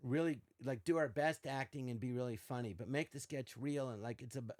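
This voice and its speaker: An older man with a mid-range voice, recorded dry and close, speaks in a casual storytelling way. He swings into put-on voices when quoting people and keeps the tale lively. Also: medium pitch, brisk, no echo. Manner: animated, acts out quotes in varied voices. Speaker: podcast guest.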